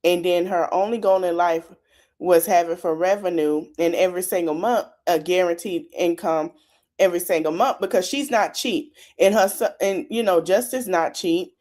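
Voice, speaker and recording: A woman's voice: fairly low pitch, moderate pace, darkish tone. Chatty woman podcaster recapping a show. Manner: chatty, talks straight to her listeners. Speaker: podcast host. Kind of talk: casual reality-show recap.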